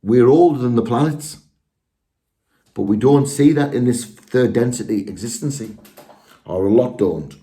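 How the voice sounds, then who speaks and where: A man's voice: medium pitch, unhurried, long pauses, warm tone. A man speaking to viewers in a casual, rambling monologue, earnest and often restarting his sentences. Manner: rambling, self-correcting, earnest. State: out of breath. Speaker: spiritual video speaker.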